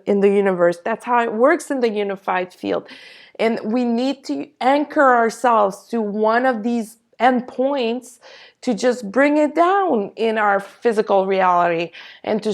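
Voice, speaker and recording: A woman channeling a spiritual energy update, speaking in a reassuring way and sometimes searching for her words. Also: a little high.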